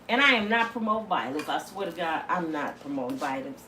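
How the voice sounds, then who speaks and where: Animated woman ranting bluntly in a roomy space. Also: deep voice, brisk, recorded from a distance, slight background noise. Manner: loud, blunt, animated, with many asides. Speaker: commentator. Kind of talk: comedic opinion rant.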